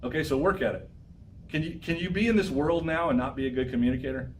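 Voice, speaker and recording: A man lecturing a college class as a professor, energetic and exhorting, repeating his phrases for emphasis. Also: a little high, fast talker, recorded from a distance, a little hiss or hum, low-quality recording.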